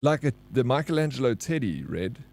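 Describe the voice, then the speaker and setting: A man's voice: medium pitch, sing-song, a little fast, creaky, a little mellow. Laid-back South African man streaming. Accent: South African (Johannesburg). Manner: laid-back, reads chat aloud and greets viewers by name. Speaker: game streamer. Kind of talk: casual live-stream chat.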